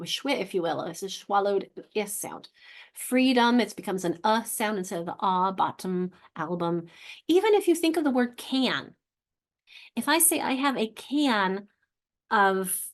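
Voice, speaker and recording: A woman leading an online literacy training for teachers, talking conversationally with frequent restarts and sounding out vowels to demonstrate them, over a computer microphone. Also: medium pitch.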